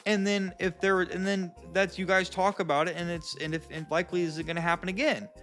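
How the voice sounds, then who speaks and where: A man's voice: high voice, level tone, brisk, fairly bright tone, soft background music. A man giving blunt, casual advice straight to his viewers, calling them guys and bro. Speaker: self-help vlogger. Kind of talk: casual direct advice to camera.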